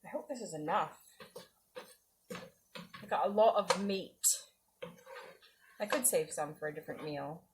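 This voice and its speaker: A woman's voice: on the low side, measured pace, pauses often, background noise. A woman chatting casually with her viewers while she cooks on a livestream, giggling now and then. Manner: chatty, giggly, talks to chat while cooking. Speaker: livestreamer cooking. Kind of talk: casual cooking livestream chat.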